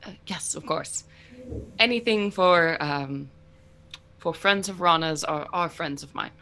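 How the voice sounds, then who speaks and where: A woman's voice: deep voice, measured pace, bright, forceful tone, heavily acted. A woman voicing a polite, welcoming middle-aged hostess who speaks hesitantly. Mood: gracious.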